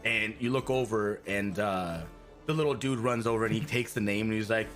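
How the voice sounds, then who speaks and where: A man narrating a tabletop game as game master, an animated storyteller full of fillers who laughs easily. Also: medium pitch, a little fast, faint music behind.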